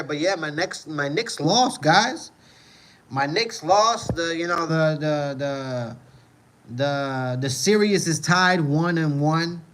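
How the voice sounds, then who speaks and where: This man speaks with a fairly high pitch and a fairly bright tone, captured on a low-quality recording with slight background noise. He hosts a casual livestream, reading chat comments and rambling through his answers, often repeating "you know what I mean."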